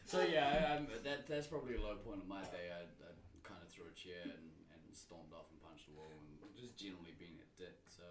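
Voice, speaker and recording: A man's voice: deep voice, fairly quick, few pauses, far from the mic. An Australian man hosting a casual podcast, rambling and self-deprecating, often laughing. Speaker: podcast host. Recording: echoey room with crowd noise.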